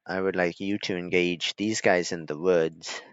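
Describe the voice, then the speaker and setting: A man's voice: sits low, fairly even intonation, unhurried, dry recording. A man giving casual, joking gameplay commentary as a streamer, chuckling and talking to his units. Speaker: gaming streamer. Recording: dull lo-fi mic.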